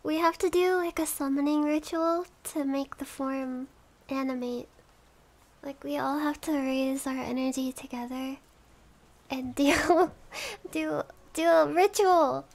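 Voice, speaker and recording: A woman's voice: high voice, steady tone, unhurried, gravelly. A woman streaming casual chat, giggly, thanking subscribers one by one. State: has the hiccups.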